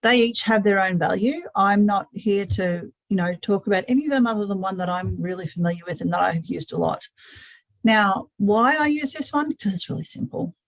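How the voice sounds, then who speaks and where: A woman's voice: medium pitch, a little fast, no echo, rough recording. A woman hosting a live webinar, talking earnestly and often repeating words as she thinks aloud. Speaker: webinar host. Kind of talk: live-streamed webinar talk.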